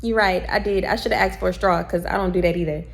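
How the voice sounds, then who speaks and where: A young woman from telling a casual storytime, blunt and animated, and she swears freely. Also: lowish voice, fast talker, gravelly. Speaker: vlogger.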